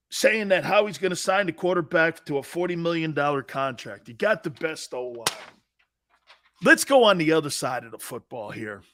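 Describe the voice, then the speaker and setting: Lively, bright-voiced sports show host. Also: male voice, fairly high pitch, no echo, clean studio sound. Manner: laughs often, animated, loud outbursts. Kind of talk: casual sports talk.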